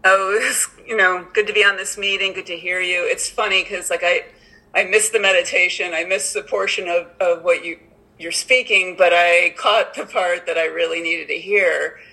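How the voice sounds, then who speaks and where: Bright-voiced woman sharing at a meeting. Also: on the low side, fairly even intonation, moderate pace, poor audio. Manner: rambling, many "like" and "you know" fillers, laughs often. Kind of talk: casual recovery-meeting share.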